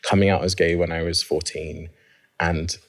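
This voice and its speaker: A man telling his personal story as an interview guest, reflective and quick to laugh. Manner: reflective, laughs often, rises high when excited.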